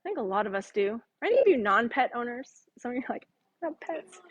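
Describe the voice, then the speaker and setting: A woman's voice: a little high, very animated, racing, highs cut off. A middle-aged woman teaching a women's Bible study, chatty and joking with the group. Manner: chatty, jokes with the audience, acts out voices in quotes.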